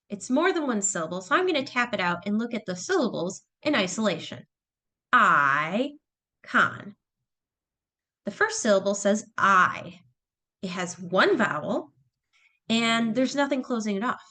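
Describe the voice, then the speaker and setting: A woman's voice: medium pitch, fairly bright tone. Woman teacher walking through phonics, patient, lots of ups and downs in her voice. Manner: patient, explains step by step. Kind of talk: phonics lesson narration.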